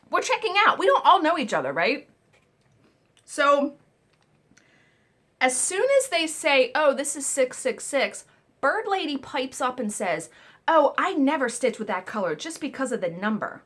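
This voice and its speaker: A woman hosting a casual storytelling vlog, animated and exclamatory, swearing now and then while she eats. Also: on the high side. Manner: eating while talking. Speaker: vlog host.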